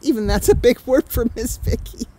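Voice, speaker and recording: In a fairly high-pitched voice at normal speed, a Canadian woman reads her own picture book to children. She breaks off for lively, chatty remarks aimed at the kids, though the recording quality is low.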